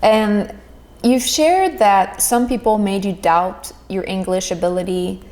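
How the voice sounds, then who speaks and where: A woman's voice: mid-range voice, a little slow, a little mellow. A woman hosting a podcast, asking a guest questions in a friendly, encouraging way. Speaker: podcast host. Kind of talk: conversational interview.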